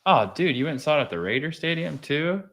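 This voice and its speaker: A man's voice: fairly high pitch, very animated, fast talker, fairly bright tone. A young man, chatting casually on a podcast, laid-back, laughing often and swearing freely. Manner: laid-back, laughing, swears a lot, says "bro" and "dude". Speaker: podcast host. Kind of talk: casual chat.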